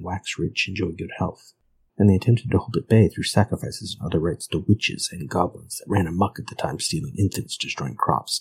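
A man reading a grim old folk tale aloud in a measured, grave manner. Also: low voice, gravelly, slight background noise, low-quality recording. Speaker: narrator.

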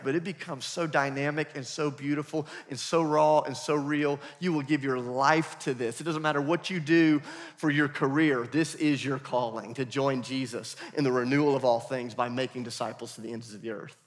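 A man preaching a sermon as pastor, animated and playful, with asides to the congregation. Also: fairly high pitch. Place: church hall. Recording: long reverb of a church hall.

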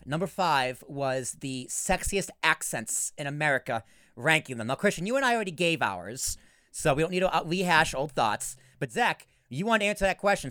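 Male podcast host, higher voice, jokey and lively, close dry mic. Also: no echo. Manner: animated, joking, quick asides. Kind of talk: casual podcast chat.

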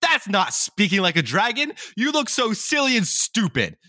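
A man's voice: high voice, huge pitch swings, normal speed, sharp tone, no room sound, studio quality, pitched above the performer's own voice, heavily acted. A man voicing a pack of mocking farm dogs in a told story, taunting in a sneering tone.

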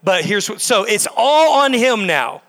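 Man preaching a sermon, high voice, emphatic repetition, long hall reverb. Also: big pitch swings, a little slow, fairly bright tone. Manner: emphatic and repetitive, building in bursts. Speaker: pastor. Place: church sanctuary.

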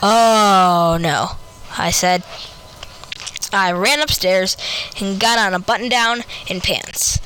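Woman storyteller reading aloud; lively, slow pace, bright tone, faint noise. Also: mid-range voice, low-quality recording. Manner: lively storybook reading, voices for each character.

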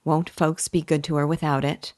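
Shy reclusive weaver man, halting and low, read by a woman; deep voice, dry sound. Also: flat delivery, darkish tone, no room sound, lightly acted. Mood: timid. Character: timid lonely male weaver, reclusive and anxious.

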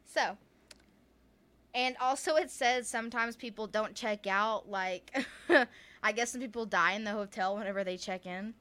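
A podcast co-host with a Southern US accent casually retells ghost stories, chatty and full of filler words like "like," laughing often. Her voice is medium-pitched, a little slow, and a bit bright.

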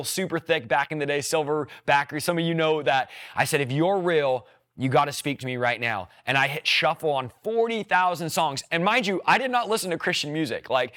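A man in his thirties tells his personal testimony from the pulpit, acting out the words he once said in lively retellings. His voice sits fairly high and comes across bright and forceful. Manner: animated storyteller who acts out his own quoted words. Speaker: preacher sharing his testimony.

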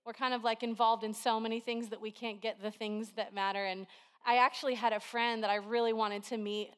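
A woman preacher with a somewhat high voice gives a sermon at a church service. She talks in a relaxed, conversational way and weaves everyday stories into her preaching. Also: brisk, smooth. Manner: chatty and conversational, with storytelling.

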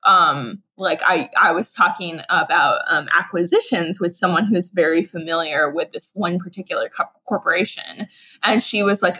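A woman's voice: fairly low pitch, normal speed, pushed and bright, rough recording. Chatty woman full of fillers. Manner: chatty, frequent "like" fillers and restarts. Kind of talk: casual conversation.

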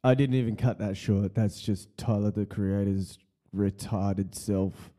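A man's voice: fairly low pitch, steady tone, unhurried, mellow. A man hosting a casual solo podcast, talking in a profane, mocking way and often laughing. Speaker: podcast host.

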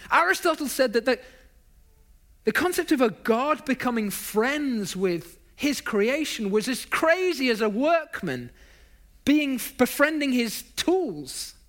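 A man's voice: extremely high pitch, sing-song, takes it slowly, a bit bright. A man preaching a sermon, stacking up emphatic lists of phrases and dropping in self-deprecating asides.

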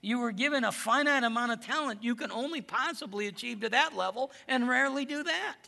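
A man preaching a lively, emphatic sermon to a congregation. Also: very high voice, fairly quick, creaky. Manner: lively storytelling, animated and emphatic.

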